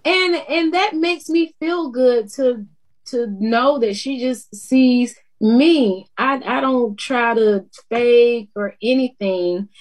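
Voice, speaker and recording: A woman's voice: a little high, slow. Laughing woman news anchor. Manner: laughs often, lively and down to earth. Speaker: TV news anchor, interview guest. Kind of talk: casual interview chat.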